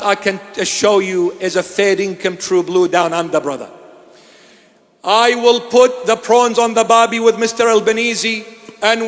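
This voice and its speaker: A man from Iraq giving an impassioned, sermon-style address, emphatic and deliberate, leaning on repeated phrases. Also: sits high, fairly bright tone, long reverb tail. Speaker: preacher. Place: church.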